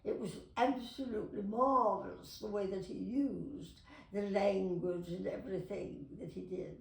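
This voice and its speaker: A woman in her nineties tells stories in a chatty, theatrical way, slipping into read-aloud passages with relish. Her voice sits at a middle pitch for a woman. It carries a roomy echo, and the mic is set some way off. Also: unhurried, vocal fry. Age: 90s. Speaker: voice actress. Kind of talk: casual storytelling to camera. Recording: echoey room, mic at a distance.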